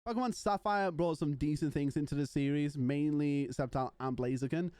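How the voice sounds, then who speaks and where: A man's voice: a little high, fairly quick, a little mellow, clear, resonant tone, dry recording, faint music behind. Bantering young male streamer, dry mic. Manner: playful, joking banter with chat. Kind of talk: casual live-stream chat.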